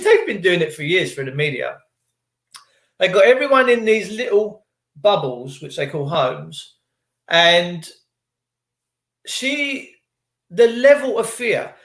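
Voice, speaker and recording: A man's voice: high-pitched, fairly bright tone, reverberant. A man ranting in a rambling, indignant commentary, full of rhetorical questions. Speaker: vlogger.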